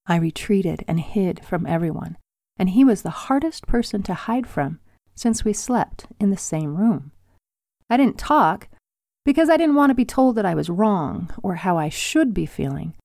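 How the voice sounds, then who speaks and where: Calm older woman reading her memoir. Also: mid-range voice, moderate pace, no room sound, clean studio sound. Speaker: podcast host and author.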